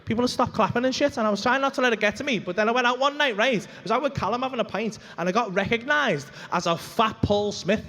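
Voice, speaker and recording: A brash comedian talks at a fairly high pitch, swearing freely and animated. He works a comedy club stage through a handheld mic. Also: fast talker, few pauses, big-room sound, a little hiss or hum. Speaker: stand-up comedian. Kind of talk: stand-up comedy.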